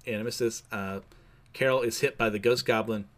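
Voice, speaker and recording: A man's voice: on the low side, steady tone, fairly quick, fairly bright tone. Man casually recapping a comic. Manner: wry, chatty narration with asides. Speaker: comic book recap host.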